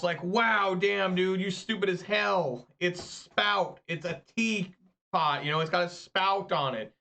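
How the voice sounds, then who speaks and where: A man's voice: high voice, pushed and bright. Rambling, profane man in his thirties. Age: 30s. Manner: rambling, profane, chatty storyteller. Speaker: online card game streamer. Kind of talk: casual gameplay commentary. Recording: slightly muffled lo-fi recording.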